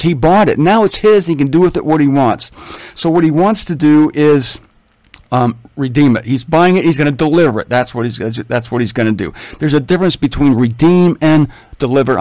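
A man teaching through a Bible passage in a conversational, animated way, with wry asides and humor. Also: a little high, no echo, studio quality.

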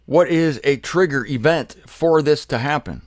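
A man's voice: on the high side, normal speed, no room sound, clean studio sound. A man preaching a sermon, emphatic, posing rhetorical questions and answering them himself.

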